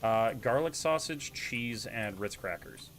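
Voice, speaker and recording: A young man with a Canadian accent chatting casually while streaming a game, playful and quick to mimic accents. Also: medium pitch, expressive, a bit bright, soft background music. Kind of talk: casual gaming chat.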